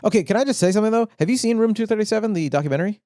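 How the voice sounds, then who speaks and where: Fast, animated comedian podcast host. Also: male voice, sits high, no echo, studio quality. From Southern California. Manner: animated, self-mocking, jumps into silly voices. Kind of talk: casual comedic banter.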